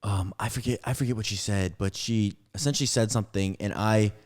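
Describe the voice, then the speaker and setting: A man's voice: on the low side, a little fast. A young man casually telling a rambling story on a podcast, acting out what each person said. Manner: rambling, animated retelling with acted-out quotes.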